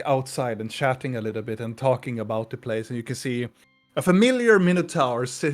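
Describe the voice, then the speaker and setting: A man narrating as game master of a tabletop game, laughing often. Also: medium pitch.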